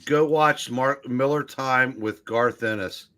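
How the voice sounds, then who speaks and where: A man in a casual group chat, teasing and telling quick stories. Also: medium pitch, a loud crowd. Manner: teasing, storytelling banter.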